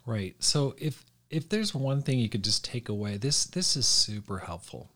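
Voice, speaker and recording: A man's voice: medium pitch, very animated, normal speed, fairly bright tone. A middle-aged man and podcast host, chatting casually and telling a marriage story, acting out quotes with laughs.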